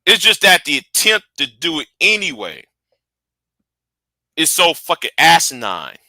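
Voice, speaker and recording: A man's voice: on the high side, wildly swooping pitch, measured pace, sharp tone, no echo, poor audio. Heated man ranting on a livestream. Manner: heated, profane, repeats and restarts words. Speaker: livestream host. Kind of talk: angry livestream rant.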